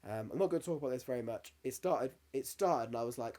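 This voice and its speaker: A man's voice: mid-range voice, fast talker, few pauses, warm tone, a little hiss or hum. A man in his thirties, co-hosting a podcast in casual chat, candid and sweary, getting emotional as he tells stories. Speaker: podcast co-host.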